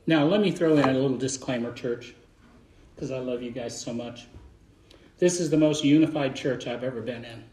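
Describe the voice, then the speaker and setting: A man's voice: medium pitch, normal speed, a little mellow. A man preaching a sermon as a Baptist pastor to his congregation, in a fervent, folksy way that often repeats words. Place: church sanctuary. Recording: echoey church room.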